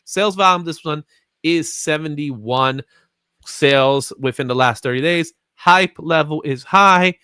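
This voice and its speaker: A man's voice: a little high, unhurried, sharp tone, clean tone, dry recording. A man hosting a comics market show, chatting casually and laughing often. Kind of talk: casual chat.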